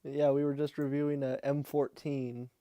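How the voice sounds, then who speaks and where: A man's voice: medium pitch, little pitch movement, moderate pace, warm tone, no room sound. A man hosting a casual podcast, laughing often and steering the talk. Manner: giggly, leads the talk. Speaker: podcast host. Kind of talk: casual chat.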